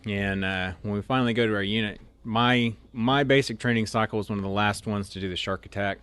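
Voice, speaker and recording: A man's voice: on the low side, steady tone, fairly quick, a bit bright, clean tone, no room sound. A young man from Oklahoma, an officer candidate, casually telling a rambling story full of "like" and restarts. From Oklahoma, USA. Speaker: interview guest, officer candidate.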